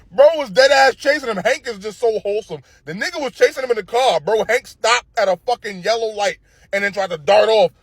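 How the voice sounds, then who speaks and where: A man's voice: sits high, a little fast, slightly rough, no echo. A man ranting casually about cartoon characters, profane and opinionated, full of slang and tag questions. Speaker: show commentator. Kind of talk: casual commentary rant.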